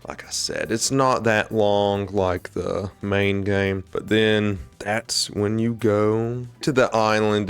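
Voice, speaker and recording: A man's voice: fairly low pitch, clear, resonant tone. A man giving casual, joking commentary on a video game, talking in a chatty, informal way. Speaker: video essay creator.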